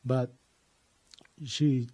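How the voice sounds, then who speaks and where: Mellow-voiced man telling a rambling story. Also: mid-range voice, flat delivery, drawn-out words. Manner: rambling, many fillers and restarts. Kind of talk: personal anecdote, casual storytelling.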